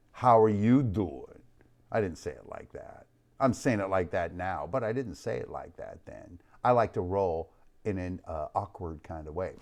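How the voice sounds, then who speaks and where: A man hosts a live stream in a hyped, joking way. His voice swings widely between high bursts and low, trailing endings. He is speaking into a studio mic. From United States. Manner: hyped, playful, shouts out chat names, trails off low. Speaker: host of a live online show. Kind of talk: energetic live-stream chat.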